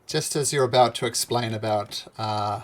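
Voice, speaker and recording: A game master narrating a tabletop game over voice chat, lively and questioning. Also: medium pitch, moderate pace.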